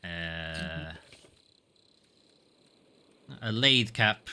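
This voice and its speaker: A man's voice: mid-range voice, very animated, unhurried, bright, forceful tone. A man streaming a video game, offhand and casual, muttering asides as he reads item descriptions aloud. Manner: offhand, muttering asides between read-outs. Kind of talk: casual gameplay commentary, reading game text aloud.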